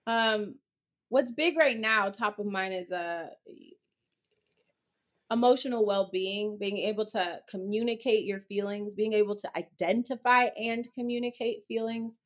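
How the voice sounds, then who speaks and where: An outspoken, expressive woman talks candidly as an interview guest, swearing casually as she goes. Her voice sits at a medium pitch. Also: unhurried.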